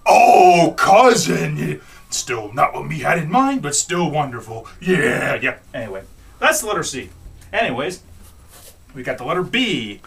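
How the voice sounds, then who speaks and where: Lively bright-voiced man, joking around. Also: fairly high pitch, normal speed, gravelly, far from the mic. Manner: jokey, rambling, retelling bits with goofy voices. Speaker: comic host reading letters. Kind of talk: rambling comedic monologue.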